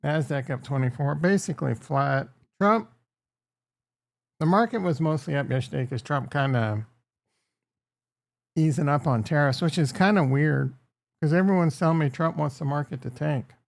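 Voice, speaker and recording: A man's voice: fairly high pitch, normal speed, creaky, long pauses, no room sound. A man hosting a casual livestream, rambling and crude as he jokes with his chat. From Upper Midwest. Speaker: livestream host.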